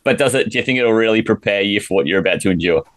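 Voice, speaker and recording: A man's voice: on the low side, rapid-fire, fairly bright tone, dry recording. A middle-aged Australian man hosting a fantasy football podcast in casual, teasing chat. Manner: jokey, teasing, upbeat. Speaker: podcast host.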